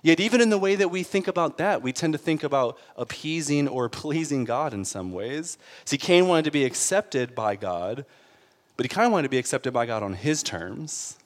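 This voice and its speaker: A man's voice: medium pitch, expressive, moderate pace, long reverb tail. A man preaching a sermon in an earnest, conversational way, building to emphatic peaks. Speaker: pastor.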